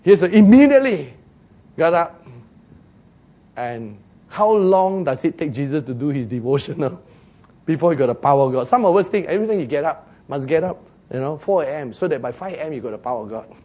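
A man preaching a sermon as pastor, telling the story in an animated way, acting out the quoted voices and chuckling at his own jokes. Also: fairly high pitch, a little fast.

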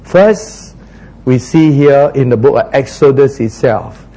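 A man's voice: medium pitch, slow pace, warm tone, rough recording. A man preaching a sermon, retelling scripture in an earnest, repetitive way.

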